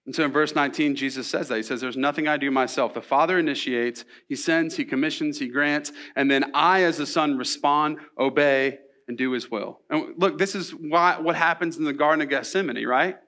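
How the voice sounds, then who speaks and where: A man preaching a sermon in a church, animated and conversational, with casual asides to the congregation. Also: a little high, a little fast, hardly any pauses. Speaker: pastor.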